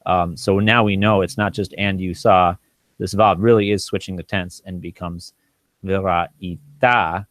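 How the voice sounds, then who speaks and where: A man teaching biblical Hebrew in a casual, thinking-aloud way, often pausing with ums and restarting words, and sounding out Hebrew slowly. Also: deep voice, no room sound. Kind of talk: informal teaching walkthrough.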